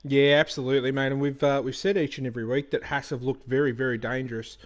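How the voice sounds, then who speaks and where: A man giving casual commentary on an online racing league he also drives in, relaxed, with many fillers and restarts. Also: medium pitch, fast.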